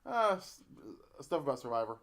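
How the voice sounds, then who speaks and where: A man co-hosting a casual wrestling podcast who rambles, halting and restarting his sentences as he chats. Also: mid-range voice, very animated, fairly bright tone. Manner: rambling, halting, self-interrupting. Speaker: podcast co-host.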